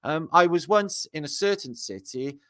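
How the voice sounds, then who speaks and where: A man reads passages from an old book and keeps interrupting himself with eager, rambling remarks to his audience. His voice is bright and forceful, and his talk is loose and full of ums and restarts. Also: on the high side, moderate pace. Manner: excitable and rambling, with many fillers and asides to viewers. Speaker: video host reading from an old book. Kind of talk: casual commentary while reading aloud.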